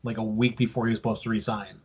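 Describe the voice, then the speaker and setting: A man with a husky, slightly breathy voice talks through wrestling news on a casual podcast. He explains things at length in a loose, easygoing way, now and then swearing. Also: on the low side, little pitch movement, fast talker, darkish tone. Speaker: podcast co-host.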